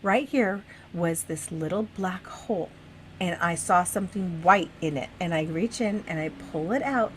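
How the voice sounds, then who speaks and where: A middle-aged woman co-hosting a podcast, chatting casually and telling a story with lively laughs and swearing. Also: lowish voice, normal speed, slight background noise. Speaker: podcast co-host. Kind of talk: casual chat.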